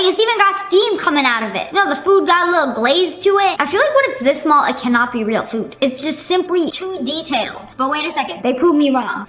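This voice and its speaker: Casting note: playful, exclamatory woman host with a high voice, recorded in an echoey room. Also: fairly bright tone. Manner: chatty, lots of "like" and "bro" fillers. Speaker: reaction video host. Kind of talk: casual reaction commentary.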